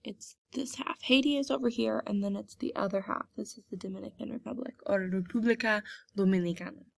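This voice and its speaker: A young woman walks her class through a map, saying each place name slowly and then saying it again. Her voice sits at an ordinary middle pitch. It is recorded close and dry, with no room sound. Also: vocal fry, no echo. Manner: slow, repeats each name for pronunciation. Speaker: Spanish teacher. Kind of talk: geography lesson over a map.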